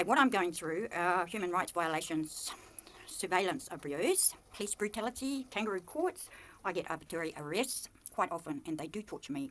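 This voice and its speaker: In an accusatory monologue to camera, a New Zealand-accented woman vlogger speaks with real passion. Her volume shifts between muttering under her breath and heated, loud outbursts.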